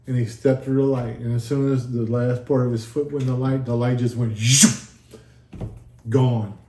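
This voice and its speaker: A man's voice: mid-range voice, little pitch movement, a little fast, background noise. A man giving an earnest testimony in a casual sit-down chat, acting out the dialogue as he tells it. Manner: earnest storytelling, acts out quoted dialogue. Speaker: guest telling his near-death story. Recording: echoey room.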